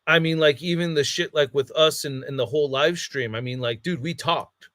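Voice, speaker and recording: A podcast co-host with a fairly high, fairly bright voice speaks at normal speed, recorded dry with clean studio sound. In casual chat he tells a heated story, swearing heavily and acting out what people said.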